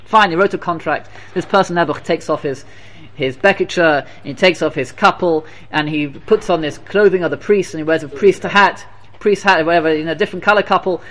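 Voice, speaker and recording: High-voiced man telling a sermon story. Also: fairly quick. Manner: animated, repetitive, emphatic. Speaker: religious teacher.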